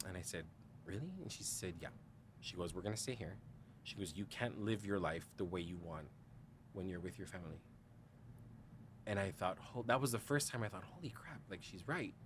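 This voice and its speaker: A man speaks in a low register at an ordinary pace, leaving long pauses, with a faint bit of background noise. He's a podcast guest sharing a candid personal story, peppered with "like" and "you know," voicing the other people's lines in dialogue and laughing a lot.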